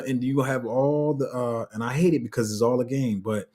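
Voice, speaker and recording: A man's voice: medium pitch, brisk, hardly any pauses, slightly rough. A man hosting a crypto channel, giving a heated, passionate livestream rant full of restarts. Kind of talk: casual livestream commentary.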